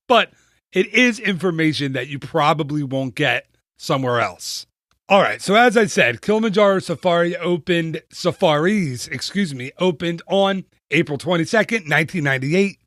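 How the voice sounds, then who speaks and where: A man's voice: on the high side, fairly bright tone, no room sound, studio quality. A man hosting a solo travel podcast, talking in a chatty, enthusiastic way and joking at his own expense. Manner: chatty, self-mocking, enthusiastic. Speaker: podcast host.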